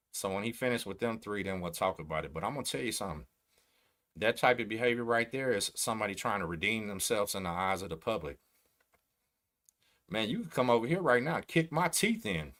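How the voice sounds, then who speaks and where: A middle-aged man from Texas with a Texan accent, hosting a casual livestream and talking slowly, bluntly and streetwise. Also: on the low side, fairly bright tone. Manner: slow, blunt, streetwise talk. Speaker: host.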